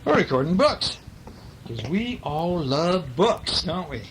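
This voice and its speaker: A man's voice: a little high, very animated, takes it slowly, slight background noise, low-quality recording. A man reading a picture book aloud at home, chatting playfully with a small child between the pages. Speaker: family member reading to a child.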